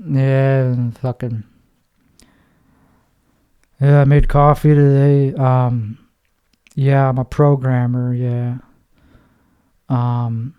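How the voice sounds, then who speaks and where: Deadpan bored man, put on by a man, low mumble, monotone, sullen. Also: smooth, highs cut off. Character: flat, bored, grumbling adult man.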